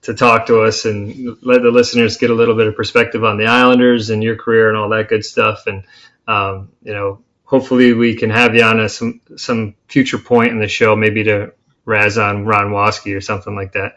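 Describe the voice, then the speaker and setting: A man's voice: lowish voice, flat delivery, a little fast, a bit bright, dull audio. A man hosting a hockey podcast, wrapping up with an upbeat, friendly manner. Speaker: podcast host. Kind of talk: casual chat.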